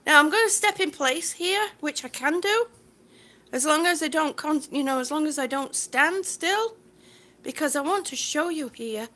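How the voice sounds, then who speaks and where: Lady walking round her house on a live stream, real high bright voice, slow, kinda out of breath, calls everyone sweetie. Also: lively intonation. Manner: warm, greets viewers by name, calls them sweetie. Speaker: vlogger on a livestream. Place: indoors at home. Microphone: phone on a gimbal held while walking.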